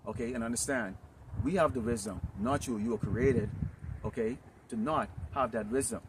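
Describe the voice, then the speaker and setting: A man preaching in a rambling, improvised sermon, filling his talk with "okay?" and "you know" and swinging into loud outbursts. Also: medium pitch, normal speed. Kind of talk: improvised street-camp sermon. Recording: distant mic with noisy background.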